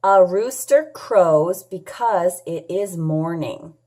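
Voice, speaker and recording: A woman teaching a children's phonics lesson, sounding out letters and words clearly and patiently, asking questions and answering them herself. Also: on the low side, lively intonation, takes it slowly, mellow. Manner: patient, asks and answers her own questions. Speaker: English teacher.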